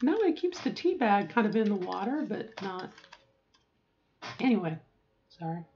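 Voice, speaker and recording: A woman's voice: medium pitch, very animated, normal speed, highs cut off, a little hiss or hum. Chatty middle-aged woman vlogging. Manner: chatty, often checks in with "okay?"; rambling with asides. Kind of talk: casual talk to camera.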